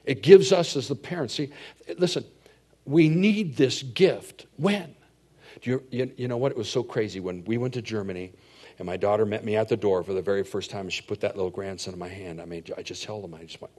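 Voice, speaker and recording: In a brisk, mid-range voice, a middle-aged pastor preaches a sermon, telling stories that alternate between hushed asides and loud, emphatic points.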